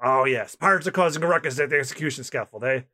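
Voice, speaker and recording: A man voicing a gruff, unhurried male navy captain who mutters low and gives clipped orders. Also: pushed and bright. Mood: commanding.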